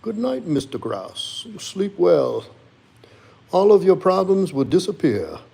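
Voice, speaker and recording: A man's voice: sing-song, vocal fry, dark tone, husky, full character voice. A man putting on a tiny prim pet dog's voice. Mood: sweet. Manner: high, slow, sing-song baby talk. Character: tiny sweet female pet dog, prim and polite.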